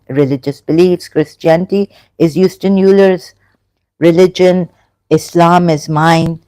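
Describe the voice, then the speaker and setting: Live-stream host, slow and halting, thinks aloud, dry close sound. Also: mid-range voice, dark tone, dry recording. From England. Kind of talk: casual live-chat discussion.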